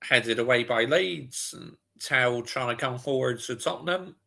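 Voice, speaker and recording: A man's voice: medium pitch, measured pace, creaky, sharp tone. A man hosting a live football watch-along, chatting casually and answering viewer comments.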